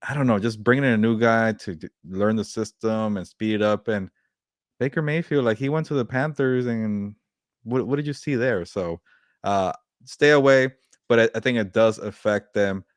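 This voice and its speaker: A man's voice: fairly low pitch, moderate pace, no echo, clean studio sound. A man co-hosting a casual sports podcast, laid-back and hesitant, often trailing into "you know.". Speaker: podcast co-host.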